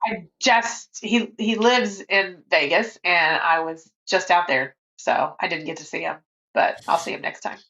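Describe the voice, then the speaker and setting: A woman's voice: on the low side, measured pace, a bit bright, lo-fi sound. A woman in her forties, a podcast guest in casual interview chat who talks freely and laughs often.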